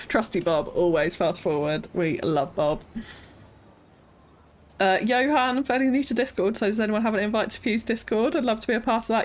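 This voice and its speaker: A woman's voice: medium pitch, moderate pace. A British woman live-streaming a city-building game, thinking aloud and chatting with viewers, often breaking into nervous laughs. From Britain. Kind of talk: casual live-stream chat while building.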